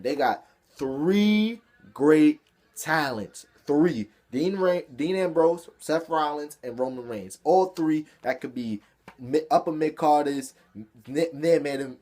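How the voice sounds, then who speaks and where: A young man reviewing a wrestling show in a casual, excitable, profane rant that rambles. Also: mid-range voice.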